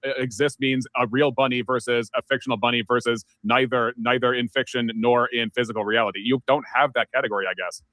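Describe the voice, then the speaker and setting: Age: unknown. Sex: man. Pace: rapid. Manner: sarcastic host. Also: medium pitch, fairly even intonation, fairly bright tone, no echo, low-quality recording. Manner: quick, sarcastic, argumentative. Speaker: debate host. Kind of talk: fast debate banter.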